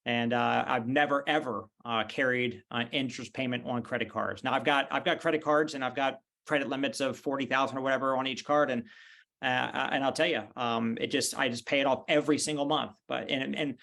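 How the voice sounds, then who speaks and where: Heard through a video call, this middle-aged podcast guest has a gravelly, medium-pitched voice and talks a little fast. He tells stories casually and animatedly, voicing the characters in his anecdotes.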